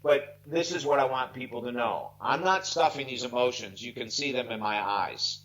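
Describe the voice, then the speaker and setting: Poor audio carries a man's mid-range, fairly bright voice at a moderate pace. In his sixties and working as a life coach, he gives an earnest storytelling interview on a video call, emphatic and heartfelt, his emotion pushing him near tears.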